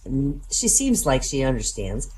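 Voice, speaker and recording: An older woman hosting an online comedy show, telling short jokes with brisk punchlines and leaping into high voices for characters. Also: very animated, a little mellow, rough recording. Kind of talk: casual joke telling in a voice chat room. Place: home, online voice chat.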